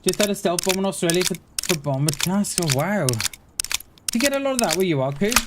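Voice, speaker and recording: A man's voice: high-pitched, animated, brisk, very noisy. A man streaming a survival game, chatting casually with his viewers in a rambling way, often restarting his words. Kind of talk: casual livestream chat while gaming.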